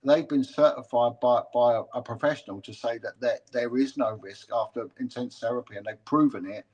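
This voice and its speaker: A man, a former policeman, talking in a casual interview, halting and restarting often as he tells a story. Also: mid-range voice, a little mellow. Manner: halting, with many restarts and repeated words.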